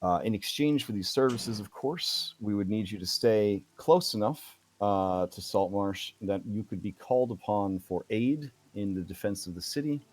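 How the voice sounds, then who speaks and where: A man voicing a formal male town official who makes an offer slowly, with many pauses. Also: on the low side, lightly acted. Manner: formal, hesitant with fillers.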